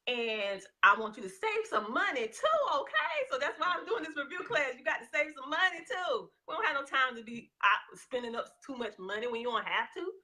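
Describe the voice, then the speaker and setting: A woman with a Southern accent speaks in a casual interview. Her voice is bright and sits a little high. She laughs often and talks openly. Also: lively intonation, a little fast, few pauses. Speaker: guest. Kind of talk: casual live interview chat.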